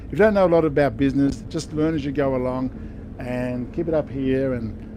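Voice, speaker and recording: A man with an Australian accent, a guest in a casual chat on a yacht, speaking in a laid-back, encouraging way with halting restarts. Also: medium pitch, background noise. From Melbourne, Australia. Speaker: guest, laundromat and car wash owner. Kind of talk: casual chat, giving business advice. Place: outdoors on a yacht in a marina.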